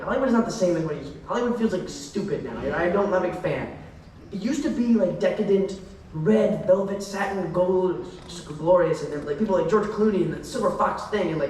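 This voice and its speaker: A young man on a convention panel, telling rambling, excitable stories full of tangents and laughter. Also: sits high, far from the mic, a little hiss or hum. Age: young adult. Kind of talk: rambling anecdotal Q&A. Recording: echoey hall, mic heard from afar.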